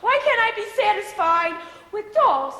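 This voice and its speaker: Childlike, fragile grown daughter, played by a woman; very high, earnest and pleading, on a live theater stage. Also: very animated, measured pace, pushed and bright, full character voice. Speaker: stage actor. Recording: reverberant theater from far off.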